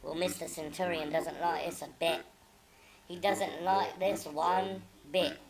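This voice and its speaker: A woman's voice: fairly low pitch, fairly even intonation, unhurried, a crowd in the background. A woman hosting her own channel, giving indignant, mocking commentary as she reads out messages, swearing freely. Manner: profane, mocking and exasperated. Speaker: channel host.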